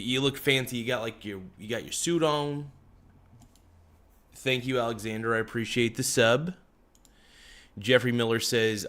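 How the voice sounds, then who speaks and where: A young man hosts a casual livestream, reading chat comments aloud and trading joking, teasing banter. His voice is medium-pitched and a bit bright.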